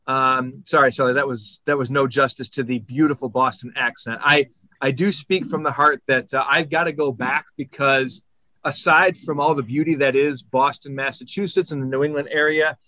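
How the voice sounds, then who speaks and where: A man's voice: medium pitch, fairly even intonation, normal speed, sharp tone, no room sound, rough recording. A man co-hosting a casual college football podcast, talking in a rambling, friendly way and often correcting himself. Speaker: podcast co-host. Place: Michigan.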